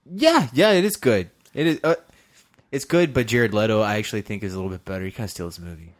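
Opinionated, animated male podcast host. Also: on the low side, fast talker. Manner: animated, swears freely, opinionated. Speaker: podcast host and film editor. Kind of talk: casual chat.

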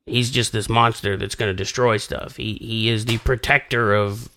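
A man's voice: fairly low pitch, level tone, normal speed, sharp tone. A man co-hosting a casual movie podcast, opinionated and emphatic as he explains scenes. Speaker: podcast co-host.

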